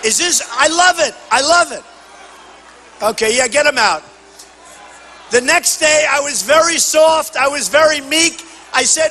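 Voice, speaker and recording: An older man giving a campaign rally speech at a podium microphone, boastful and repetitive, often shouting to the crowd. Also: extremely high pitch, lively intonation, measured pace, pauses often, long reverb tail, a little hiss or hum, rough recording. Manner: boastful, repetitive, punchy phrases. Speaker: political candidate at a rally. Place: large rally venue.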